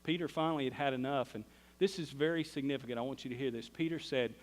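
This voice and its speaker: Southern male pastor, folksy sermon storyteller, average pitch, recorded with long church-hall reverb. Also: quick pace. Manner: folksy storytelling, acts out quoted voices.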